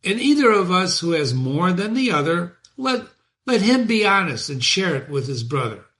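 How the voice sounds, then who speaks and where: A man's voice: high voice, big pitch swings, normal speed, bright, forceful tone, voice pushed up, full character voice. A man reading aloud and voicing a greedy, scheming male summoner who talks in an eager, wheedling way.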